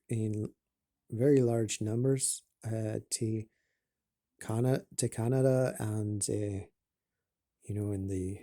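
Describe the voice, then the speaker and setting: A man talking casually at home in an attempted Scottish accent, rambling and halting, with many fillers, restarts and casual swearing. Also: mid-range voice, mellow, dry recording, clean studio sound. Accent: put-on Scottish. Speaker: vlogger.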